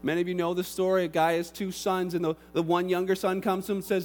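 A man with a high voice preaches a sermon fast, telling the story with animated energy and acting out the characters.

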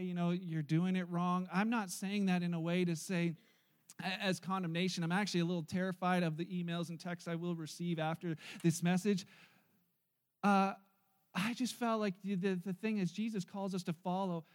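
A man preaching a sermon as pastor, telling a story in an animated way and acting out the voices of its people. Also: high voice. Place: church.

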